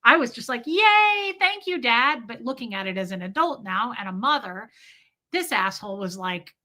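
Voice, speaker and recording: A middle-aged woman telling personal stories in a casual, animated way, laughing often and acting out little voices. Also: mid-range voice, a little fast. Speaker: host. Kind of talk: casual storytelling monologue.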